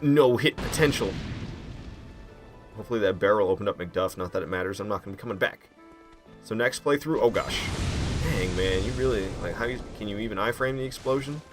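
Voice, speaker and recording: Excitable man talking over gameplay. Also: on the low side, brisk, soft background music. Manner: excitable, self-mocking, slangy. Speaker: gaming commentator. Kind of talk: casual gameplay commentary.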